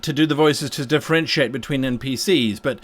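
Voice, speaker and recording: A man's voice: medium pitch, fairly quick. A man hosting a live stream and answering viewer questions about game mastering, talking casually and rambling with restarts and repeated words while he paints. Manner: talks while painting miniatures.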